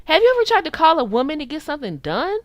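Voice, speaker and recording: A woman's voice: high-pitched, quick pace, dry recording. An American woman in her forties, a channel host giving preachy, sassy dating advice to camera. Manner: animated, preachy, with sassy quoted voices. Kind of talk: opinionated commentary to camera.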